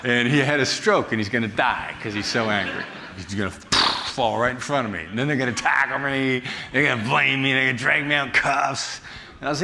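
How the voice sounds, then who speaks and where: A man who teaches negotiation gives a storytelling talk, acting out the people in his anecdotes with lively voices. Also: mid-range voice, normal speed. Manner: animated, acts out the people in his stories. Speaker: negotiation instructor and former FBI agent giving a talk.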